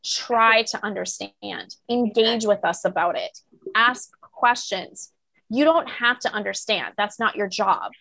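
A woman's voice: mid-range voice, unhurried, creaky, sharp tone, no room sound. A woman author talking as a podcast guest in casual chat, earnest and encouraging in manner.

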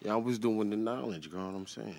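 A low-voiced man in a recorded comedy skit, gruff and boastful in his street slang. Clear noise hangs over this old album recording. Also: brisk, darkish tone.

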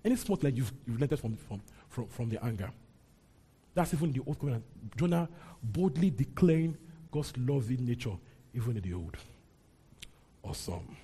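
Man preaching a Bible lesson, husky and mellow tone, animated delivery. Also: medium pitch, normal speed. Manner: animated, rising into mock outrage when voicing characters. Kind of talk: Bible teaching.

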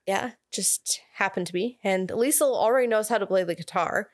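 A woman's voice: mid-range voice, normal speed, no echo. Young woman podcast cohost, chatty, laughs a lot, dry close mic. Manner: chatty, laughs often, recaps plot with asides. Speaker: podcast co-host. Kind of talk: casual chat recapping a film.

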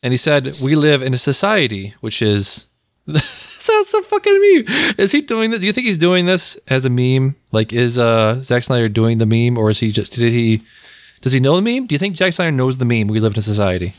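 A man hosting a casual podcast, excitable and rambling, laughing often and filling gaps with ums. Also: medium pitch, normal speed, no room sound, studio quality. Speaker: podcast host.

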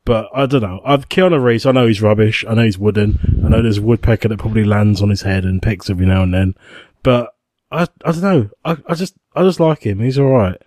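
A man's voice: fairly low pitch, brisk, darkish tone, dry recording. A man co-hosting a casual movie podcast, making dry joking asides. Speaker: podcast co-host.

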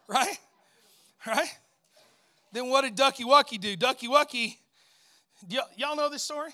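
A middle-aged male pastor preaching a lively sermon, telling a story and calling out to his congregation. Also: extremely high pitch, unhurried, pauses often.

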